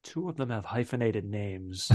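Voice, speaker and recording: A man co-hosting a casual sports podcast, with a dry, deadpan, teasing humor. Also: on the low side, moderate pace, no room sound. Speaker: podcast co-host.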